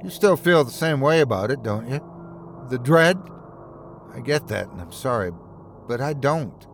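Male narrator voicing a remorseful chained man; low, subdued, weary. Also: animated, moderate pace, slight background noise, natural voice. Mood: resigned.

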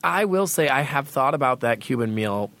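A man co-hosting a podcast in casual chat, teasing in a dry, deadpan way. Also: medium pitch, moderate pace, creaky. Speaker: podcast co-host.

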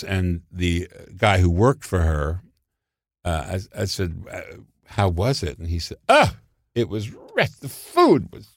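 In a clean studio recording with no room sound, an older man who writes comedy shares casual show-business stories. When quoting people, he leaps into high-pitched voices.

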